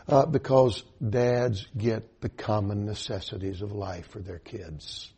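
A man's voice: fairly low pitch, steady tone, unhurried, vocal fry, warm tone, slightly rough, dull audio. An older man from the Atlanta area with a Southern US accent, preaching a sermon in a folksy storytelling way and dropping in amens.

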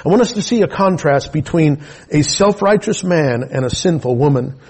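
A middle-aged man, a pastor, preaching a sermon with personal testimony and moving from quiet storytelling to shouted preaching. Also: fairly high pitch, lively intonation, moderate pace, breathy edge.

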